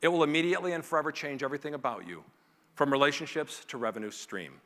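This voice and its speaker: A man giving a motivational keynote speech to a conference audience, acting out family scenes in quick character voices. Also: fairly high pitch, fairly bright tone. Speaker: keynote speaker. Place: large conference hall. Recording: reverberant hall.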